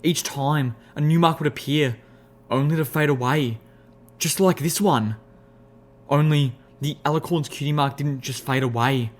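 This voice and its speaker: A man giving a first-person audiobook narration in an expressive, measured storytelling voice. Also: a little high.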